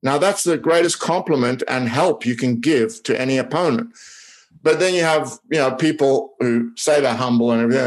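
Man, tennis coach, earnest podcast guest, repeats himself, plain examples. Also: mid-range voice. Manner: earnest, repeats words, gives everyday examples. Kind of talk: relaxed podcast conversation.

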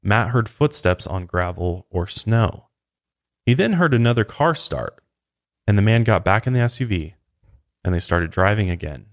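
Deep-voiced man telling a true crime story. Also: moderate pace. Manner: steady narration with casual asides. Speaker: true crime podcast host.

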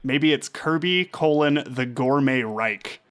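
A man's voice: medium pitch, takes it slowly, fairly bright tone, smooth. A man chatting as a podcast guest, laid-back, joking and laughing along. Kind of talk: casual chat.

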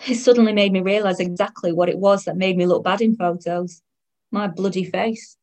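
A woman narrates an audio drama in the first person. Her delivery is wry and tired, with a sardonic bite. Her voice sits at an ordinary middle pitch. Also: steady tone, fairly quick, darkish tone. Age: 30s.

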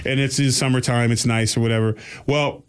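A man tells a long story at an easy pace and with a middling pitch. His delivery is casual and lively, and he slips into voices for the people in it. The voice sits close to the mic, as on a podcast. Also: fairly quick, smooth. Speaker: podcast guest telling a story.

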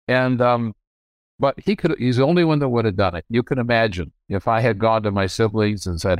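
A man's voice: mid-range voice, fairly quick, dry recording. Older man telling candid stories. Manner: rambling, self-correcting, frank. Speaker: guest, business owner. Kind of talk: candid storytelling.

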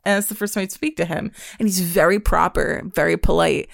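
A woman's voice: on the low side, a little fast, vocal fry, no room sound, studio quality. A young adult woman co-hosting a podcast, telling stories in casual chat, swearing freely and acting out what others said. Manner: animated storytelling, swears freely, acts out quotes. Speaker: podcast co-host.

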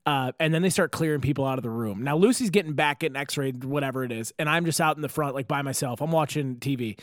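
Fast-talking animated male storyteller. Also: mid-range voice, dry recording, clean studio sound. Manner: animated, profane, laughing through the story. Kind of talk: casual storytelling chat.

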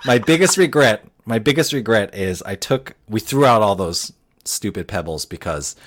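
A man's voice: lowish voice, expressive, normal speed, fairly bright tone. A man in his thirties, co-hosting a podcast, telling a story in a rambling, self-deprecating way with lots of fillers. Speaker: podcast co-host. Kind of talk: casual storytelling chat.

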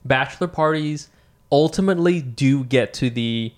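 A man's voice: mid-range voice, normal speed. A young man co-hosting a casual chat, joking and swearing freely as he tells stories.

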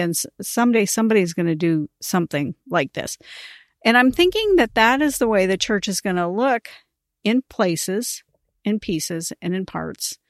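A middle-aged woman hosting a ministry podcast, telling a story in a casual, animated way and laughing as she talks. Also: medium pitch, no room sound, studio quality. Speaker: podcast host, ministry coach.

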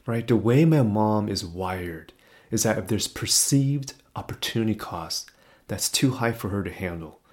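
A middle-aged man tells a personal story in a relaxed, conversational way. His voice sits on the low side, and he turns animated, then drops almost to a whisper at the tense moments. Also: a little slow. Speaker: speaker telling a personal story. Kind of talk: casual storytelling.

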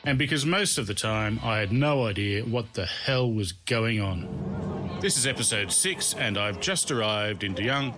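Brief: male narrator, comic memoir, bright and animated, wry self-mocking delivery, soft music underneath. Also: fairly low pitch, measured pace. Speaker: podcast host and narrator.

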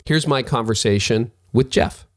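A man hosting his podcast, chatty and upbeat, talking about his new book in a casual conversation. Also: mid-range voice. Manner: upbeat, chatty, quick asides. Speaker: podcast host and author. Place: office studio at a lakeside retreat.

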